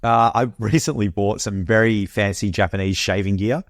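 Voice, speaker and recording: This is an Australian man in casual podcast chat. His voice sits a bit low. He sounds laid-back and swears freely. The sound is dry and close. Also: normal speed, no room sound. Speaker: podcast co-host. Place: home, Perth.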